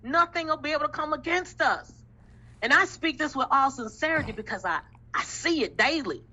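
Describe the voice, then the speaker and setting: A woman's voice: high-pitched, lively intonation, fairly quick, pushed and bright, low-quality recording. A woman giving an impassioned testimony in a faith discussion, emphatic and repetitive with a preaching cadence. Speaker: group discussion member.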